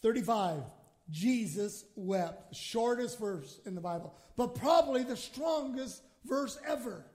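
A male pastor giving an impassioned sermon, moving between hushed reading and shouted points and acting out prayers. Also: extremely high pitch, lively intonation, a little slow. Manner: acts out quoted prayers in his own voice.

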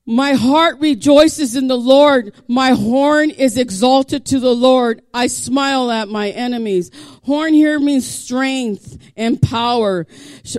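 Guy preaching a sermon, super high voice, gets fired up and shouty, dry close sound. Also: no echo. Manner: impassioned, builds to shouting. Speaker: pastor. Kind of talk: sermon with scripture reading.

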